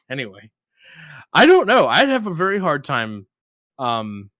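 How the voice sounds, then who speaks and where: Lively man hosting a chat. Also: a little slow, no room sound, studio quality. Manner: animated storyteller, rises high when retelling. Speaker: podcast host. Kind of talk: casual interview chat.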